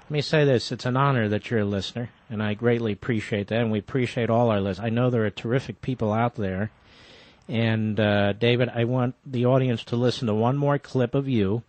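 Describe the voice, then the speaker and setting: Male radio host, emphatic and animated, mid-pitched voice, dry close sound. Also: fairly quick, dry recording. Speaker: radio talk show host. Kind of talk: talk radio.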